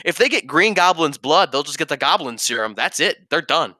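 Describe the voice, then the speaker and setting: A young man co-hosting a casual podcast chat, animated and joking, swearing freely. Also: fairly high pitch, a little fast, no echo. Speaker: podcast co-host. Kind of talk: casual chat reviewing a film trailer.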